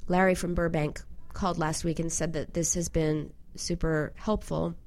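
A woman hosting an advice show, explaining emotional eating in an animated way and slowing down to stress key points. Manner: animated, acts out quoted voices in a higher pitch.

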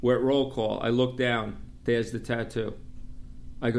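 Man, middle-aged, new york accent, casual storytelling, profane, animated. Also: mid-range voice, measured pace, vocal fry, slight background noise. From Long Island, New York. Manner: animated, profane, mimics others in quoted dialogue. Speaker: guest telling stories.

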